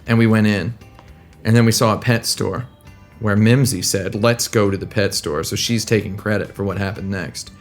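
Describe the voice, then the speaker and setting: A man's voice: on the low side, normal speed, soft background music. A man casually telling stories on a live stream from a hotel room, rambling and restarting, often laughing at his own jokes, recorded on a laptop mic. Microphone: laptop microphone.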